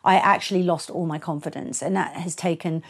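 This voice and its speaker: A woman's voice: fairly low pitch, fairly even intonation, a little fast, creaky. A middle-aged woman DJ being interviewed, telling stories frankly and animatedly, swearing freely and acting out the voices of people in her stories. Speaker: guest DJ and producer. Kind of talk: casual storytelling interview.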